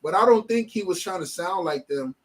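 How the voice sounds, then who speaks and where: A middle-aged man hosting a podcast, talking casually in a loose, rambling, animated way with many restarts. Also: high voice, brisk. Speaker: podcast host. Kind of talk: casual chat.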